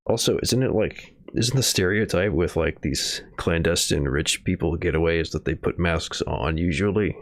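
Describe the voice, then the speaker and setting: A man's voice: sits low, unhurried, dry recording, clean studio sound. A man streaming from home, reading news headlines and adding rambling, sarcastic asides. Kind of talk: casual livestream commentary.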